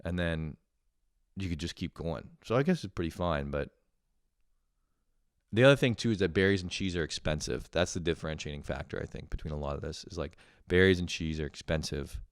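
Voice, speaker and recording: A young man from Canada rambles on in a loose, profane monologue, swearing freely and getting animated when he tells a story. His voice sits very low and smooth. The sound is dry and close. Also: a little fast, no room sound. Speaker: vlogger.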